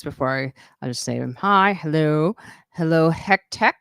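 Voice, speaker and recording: A woman's voice: low voice, animated, moderate pace, creaky, fairly bright tone, smooth, no room sound, clean studio sound. A woman hosting a live-stream podcast, chatting casually and joking, laughing often. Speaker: podcast host.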